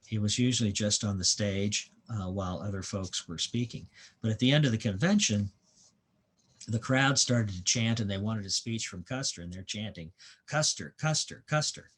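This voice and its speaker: A man with a fairly low, husky voice gives a history lecture at a museum. He speaks as a guest historian, unhurried and storytelling, and often pauses on "uh" as he goes.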